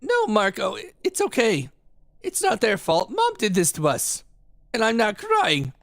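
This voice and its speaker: A man's voice: high voice, wildly swooping pitch, unhurried, vocal fry, fairly bright tone, no room sound, clean studio sound, voice pushed up, full character voice. A man voicing a timid, upset young boy who stammers nervously, reading game dialogue on stream.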